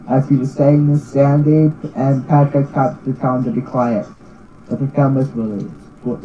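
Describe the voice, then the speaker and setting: A man's voice: medium pitch, steady tone, moderate pace, a little mellow, lo-fi sound, slight background noise. A young man reading a creepy story aloud, stumbling over words and breaking into giggles. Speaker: reader.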